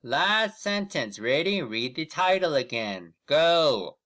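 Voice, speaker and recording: A man leads an online reading lesson, offering patient, encouraging prompts and slowly drawing out words as he reads aloud with students. His medium-pitched voice is expressive with a fairly bright tone.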